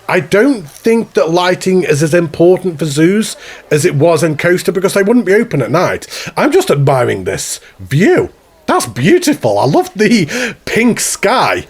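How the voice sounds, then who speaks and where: A man giving chatty, rambling commentary while touring a zoo in a video game, often laughing at himself. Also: high voice. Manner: chatty, rambling, self-mocking. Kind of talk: casual gameplay commentary. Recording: faint background music.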